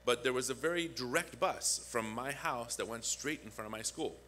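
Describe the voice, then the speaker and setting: A man's voice: mid-range voice, normal speed, a little hiss or hum. A man preaching a conversational sermon as a guest pastor, telling a personal story. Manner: conversational, animated when acting out quotes. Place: church.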